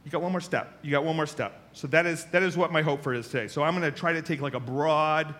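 A man preaching a sermon as a pastor, telling stories with lively acted-out voices. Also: fairly high pitch, quick pace. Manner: animated storytelling, acts out voices.

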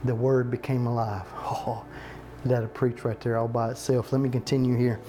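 A man preaching a sermon, reading scripture slowly for emphasis and asking the listeners questions. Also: medium pitch, flat delivery, background noise. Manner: slows down to stress verses, asks the listeners questions.

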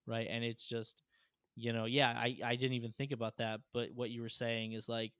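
A man co-hosting a relaxed conversation, his voice smooth and resonant. He retells scenes with animated energy and scatters filler words throughout. The sound is dry and close, with no room ring. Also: medium pitch, normal speed, dry recording. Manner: animated storytelling, frequent "like" fillers. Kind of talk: casual chat.

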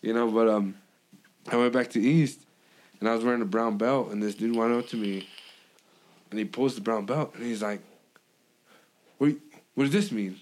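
A man's voice: mid-range voice, moderate pace, long pauses. A young man from Idaho, a podcast guest, telling stories in casual, profane chat and acting out the other people's lines. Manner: animated, profane, acts out quoted dialogue.

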